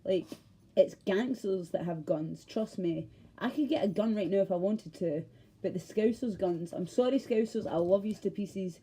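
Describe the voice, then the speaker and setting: A woman's voice: medium pitch, normal speed, mellow, breathy edge, poor audio. A woman with a Glaswegian accent, talking to camera in a passionate, profane, rambling monologue. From Scotland. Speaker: vlogger. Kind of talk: ranting monologue.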